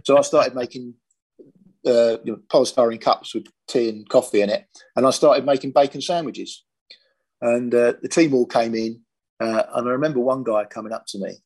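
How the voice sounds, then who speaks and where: A man's voice: medium pitch, moderate pace, a little mellow. An older man from Britain, a former police firearms officer, telling his story in a plain-spoken, matter-of-fact interview.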